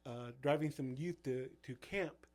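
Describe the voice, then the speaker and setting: A man chats casually as a youth pastor, telling van stories from ministry trips. His delivery rambles, packed with fillers and false starts, in a mid-pitched everyday voice. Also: unhurried, darkish tone. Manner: rambling, full of fillers and restarts. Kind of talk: casual storytelling chat.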